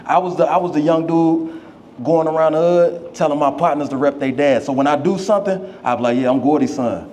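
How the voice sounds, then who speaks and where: A man's voice: fairly high pitch, fairly quick, a little mellow, slight background noise. A young man giving a memorial speech for his father, telling stories in casual slang. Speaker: memorial speaker. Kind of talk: eulogy speech.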